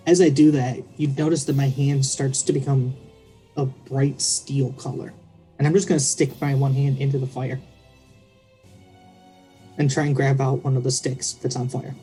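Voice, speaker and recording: A man's voice: mid-range voice, flat delivery, moderate pace, pauses often, warm tone, soft background music, low-quality recording. A man playing a tabletop game, playfully describing what his character does. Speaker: player.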